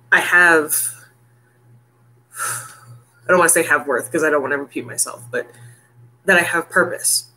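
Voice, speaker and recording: Bright-voiced chatty woman in her thirties. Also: sits low. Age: 30s. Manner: chatty and heartfelt, laughs often. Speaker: vlogger. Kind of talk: casual chat to camera.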